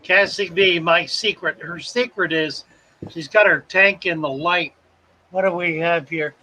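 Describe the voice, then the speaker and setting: Guy from south carolina, high bright voice, slow and chatty, reading viewer comments on a live stream. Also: slight background noise, low-quality recording. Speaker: host of a live fish-keeping stream.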